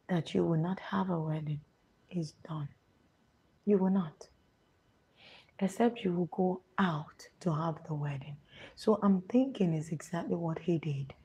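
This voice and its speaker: A woman with a Nigerian accent answering viewer questions in a casual advice chat, often dropping to a hushed, confiding half-whisper. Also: lowish voice, breathy edge.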